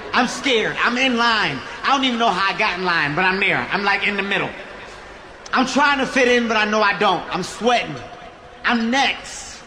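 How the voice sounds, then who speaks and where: A man doing stand-up comedy, telling an animated story and acting out both sides with shouted punchlines. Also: high-pitched, echoey room, noisy background.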